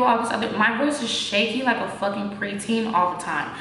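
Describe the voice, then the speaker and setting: A woman's voice: on the high side, fairly quick, heavy reverb, slight background noise, low-quality recording. A young woman vlogger telling a story in casual, slangy chat, her voice naturally shaky and prone to cracking. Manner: slangy, animated, lots of fillers.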